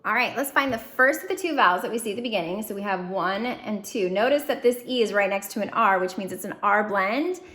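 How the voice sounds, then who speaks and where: A woman teaching a phonics lesson, drilling syllables slowly and clearly with encouraging prompts. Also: mid-range voice, fairly bright tone. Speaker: reading teacher. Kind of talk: phonics lesson to young students.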